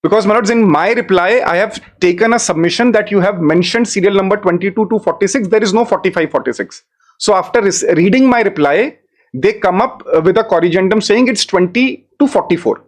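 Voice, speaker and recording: A man's voice: high voice, fairly quick. A man arguing his own case before judges in a courtroom, deferential and formal, repeatedly addressing the bench, growing insistent as he presses his point. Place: courtroom, live-streamed hearing.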